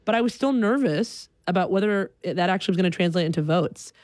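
A young adult woman telling a personal story in an animated way, acting out the people in it. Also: fairly low pitch, fast, no room sound, studio quality.

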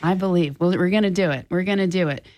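A woman's voice: lowish voice, fast, darkish tone. A woman hosting public radio, making an upbeat, persuasive appeal during a membership drive from a studio microphone.

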